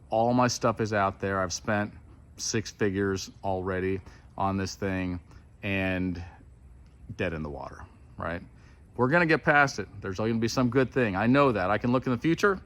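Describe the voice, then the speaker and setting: A man's voice: on the low side, a bit bright. A man telling a frustrated, rambling story about permit troubles, acting out both sides of his conversations with officials. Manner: exasperated, reenacts officials in quick quoted exchanges. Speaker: builder venting about permits. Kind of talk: casual storytelling rant.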